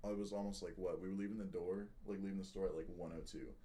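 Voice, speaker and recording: Deep-voiced young man telling a story. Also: fairly even intonation, quick pace, dark tone. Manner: rambling storytelling with swearing. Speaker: podcast co-host. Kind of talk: casual chat.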